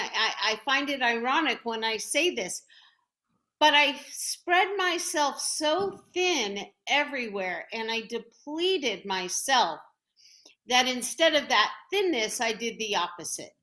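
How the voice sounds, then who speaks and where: A woman hosts a talk show and speaks slowly and deliberately. Her tone is bright and slightly high. She is heartfelt and measured, and she pauses between phrases. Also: lively intonation. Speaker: host.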